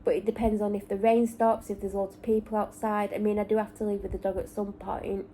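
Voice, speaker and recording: A woman's voice: medium pitch, flat delivery, brisk, warm tone, a little hiss or hum, rough recording. A woman from North West England with a Lancashire accent and traces of Manchester, chatting candidly and rambling in a casual vlog from a parked car. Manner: rambling, candid, self-correcting. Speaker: vlogger. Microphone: camera or phone in the car.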